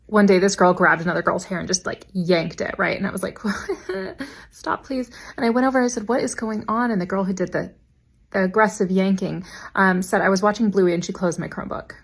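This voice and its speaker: A young adult woman, a teacher, telling funny classroom anecdotes in a dry, deadpan way and quoting her students. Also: medium pitch, brisk, creaky, slightly rough. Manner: deadpan, wry delivery with quoted student voices. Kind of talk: anecdotal storytelling.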